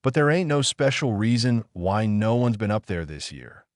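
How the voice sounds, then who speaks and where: A man's voice: on the low side, big pitch swings, moderate pace, no echo, clean studio sound. A man voicing a brash, bossy backwoods hunting guide with a nasal, folksy drawl, for an audiobook. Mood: hushed.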